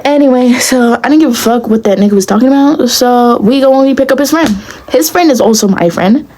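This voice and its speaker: A woman's voice: high-pitched, brisk, low-quality recording. Blunt young woman telling a storytime. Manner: blunt, profane, animated storytelling. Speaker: vlogger. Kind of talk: casual storytime vlog.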